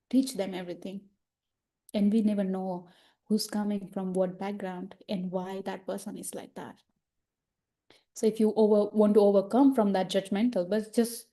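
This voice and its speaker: Buddhist nun, female, mid-pitched and mellow; earnest, reflective discussion in non-native English, quoting her own thoughts aloud. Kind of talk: informal dharma discussion.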